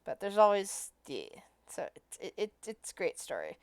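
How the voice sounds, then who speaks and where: A woman's voice: medium pitch, wildly swooping pitch, normal speed, clear, resonant tone, no echo. A woman running a tabletop game as game master, thinking aloud as she narrates and often restarting her sentences.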